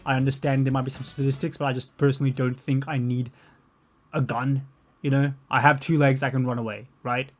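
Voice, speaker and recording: A man's voice: mid-range voice, little pitch movement, fairly quick. A young man with an Australian accent giving rambling, sarcastic, sweary reaction commentary. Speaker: commentary streamer.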